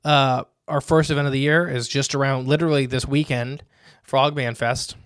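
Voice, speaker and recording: A man co-hosting a podcast, with a smooth voice recorded close and dry. He rambles cheerfully through announcements. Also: mid-range voice, steady tone, normal speed, fairly bright tone, dry recording. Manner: rambling, upbeat show announcements. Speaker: podcast co-host. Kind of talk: casual podcast chat.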